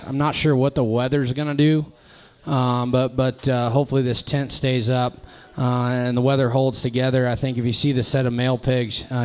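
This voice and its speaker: Halting man talking pigs ringside. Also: medium pitch, clean tone. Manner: halting, many fillers and restarts. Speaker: livestock sale breeder presenting pigs. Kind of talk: casual ringside sale talk. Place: sale tent ringside.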